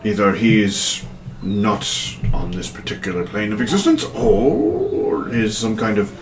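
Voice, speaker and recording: A man's voice: fairly low pitch, huge pitch swings, unhurried, slight background noise, heavily acted. A man voicing a flustered male wizard advisor who stammers, apologizes and stays overly polite, in an echoey room. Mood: apologetic.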